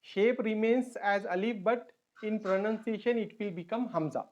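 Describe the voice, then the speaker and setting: A man's voice: high voice, moderate pace, a little mellow. A man teaching an online lesson, patiently repeating points and checking that students follow. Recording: dull lo-fi audio.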